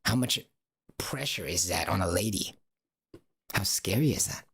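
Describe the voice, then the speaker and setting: Gravelly man musing aloud on stream. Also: deep voice, expressive, moderate pace, fairly bright tone. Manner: rambling, rhetorical questions. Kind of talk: casual livestream monologue.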